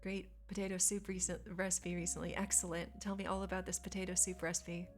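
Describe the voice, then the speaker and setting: Woman, lowish pitch, gravelly, casual streamer chat, faint background music. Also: level tone, fast talker. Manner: chatty, reads and answers chat, squeamish asides.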